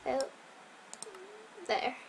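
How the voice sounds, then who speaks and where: A woman casually commenting on her gameplay, rambling and correcting herself, sometimes dropping to a soft whisper, her voice a bit strained. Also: extremely slow, slight background noise, low-quality recording. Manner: rambling, self-correcting, chatty. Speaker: Minecraft let's player.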